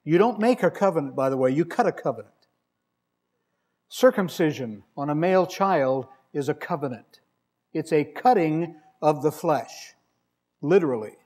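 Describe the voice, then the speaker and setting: A man preaching a sermon in a fairly high voice. His delivery is conversational and wry, and he leans hard on key words when he reads scripture aloud. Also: lively intonation, normal speed, a little mellow, husky. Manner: wry, conversational storytelling with emphatic scripture reading.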